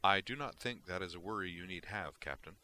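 A man voicing a calm, precise male alien science officer who speaks in a measured, formal, unemotional way. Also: low voice.

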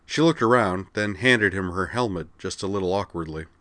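Very deep-voiced male audiobook narrator. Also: moderate pace, fairly bright tone, dry recording.

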